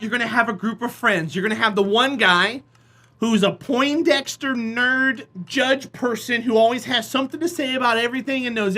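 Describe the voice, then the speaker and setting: Role: live streamer. Style: casual rambling storytelling. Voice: bright, mid-pitched. Mic: desk microphone. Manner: animated, slips into acted voices.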